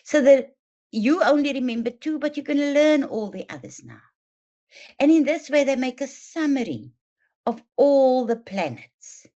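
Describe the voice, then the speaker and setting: A woman presenting a teacher training webinar, explaining and demonstrating read-aloud techniques in a deliberate, emphatic way. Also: sits high, big pitch swings, warm tone. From South Africa. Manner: slow, deliberate, emphatic delivery addressing teachers. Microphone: online webinar mic. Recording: dull lo-fi webinar audio.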